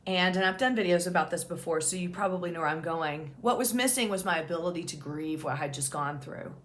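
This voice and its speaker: A woman's voice: fairly low pitch, quick pace, slight background noise. Frank, casual woman telling her own story. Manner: frank and casual, swears freely, laughs at herself. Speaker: OCD peer support specialist and channel host. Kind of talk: candid personal storytelling to camera.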